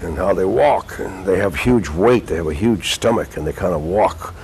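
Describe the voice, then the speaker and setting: An older man, an actor being interviewed, telling stories in an animated, rambling way with restarts. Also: deep voice, normal speed, a little hiss or hum, low-quality recording. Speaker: actor guest. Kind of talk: conversational interview storytelling. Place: local TV studio.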